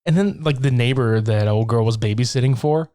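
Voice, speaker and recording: A man on a podcast breezily walking through a horror film's plot, swearing freely. He laughs often and slips into quick impressions of the characters as he retells the scenes. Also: medium pitch, mellow. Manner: profane, laughing, acts out lines from the film. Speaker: podcast co-host. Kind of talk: casual movie recap chat.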